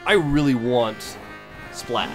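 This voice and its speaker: Excitable, foul-mouthed young gamer guy. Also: mid-range voice, slow. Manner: excitable, swears a lot, shouts when winning. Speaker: let's play host. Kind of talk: casual gaming chat. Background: faint game music.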